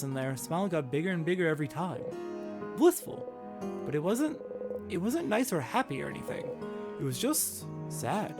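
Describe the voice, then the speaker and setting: A woman voicing a young man who haltingly explains something unsettling, in a near-everyday voice. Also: on the low side. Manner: hesitant, halting storytelling. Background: game music.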